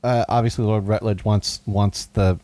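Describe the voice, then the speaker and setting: A man co-hosting a podcast in casual chat, recapping scenes in a wry, deadpan way. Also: fairly low pitch, moderate pace. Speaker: podcast co-host.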